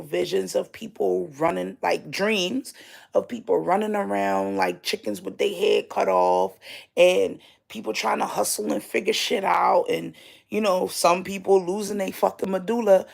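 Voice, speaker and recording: A woman's voice: mid-range voice, gravelly. A woman telling a personal dream story casually and candidly, swearing freely as she talks. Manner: slow and drawn out. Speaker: vlogger.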